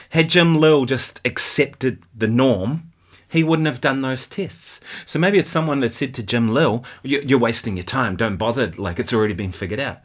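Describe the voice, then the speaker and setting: Man, New Zealand accent, guitar channel host, casual chat, mid-pitched, laughs a lot. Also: fairly bright tone. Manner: chatty, laughs often, keeps asking "right?". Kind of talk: casual commentary on viewer comments.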